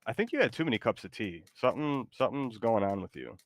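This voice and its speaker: A man's voice: mid-range voice, sing-song, fast talker, rough recording. A man streaming a game, chatting casually and hesitantly, often trailing off with fillers. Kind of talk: casual gaming chat.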